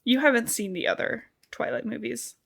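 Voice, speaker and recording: A woman with a voice a touch higher than most retells a book's story for her podcast. Her talk is loose and chatty, scattered with "like" and "um". It sounds like friends catching up, not a script. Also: normal speed, creaky, fairly bright tone. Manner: chatty, peppered with "like" fillers. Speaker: podcast co-host. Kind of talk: casual book-recap chat.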